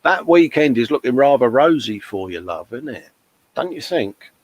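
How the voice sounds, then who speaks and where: A British livestream host with an English accent reads out viewer comments during a casual chat, calling people mate. His husky, medium-pitched voice swings widely in pitch at a moderate pace.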